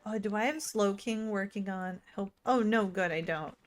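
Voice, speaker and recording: A woman streaming a game in casual let's-play commentary. She is chatty and excitable, and she swings between gushing and muttering to herself. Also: medium pitch, moderate pace. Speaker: gaming streamer.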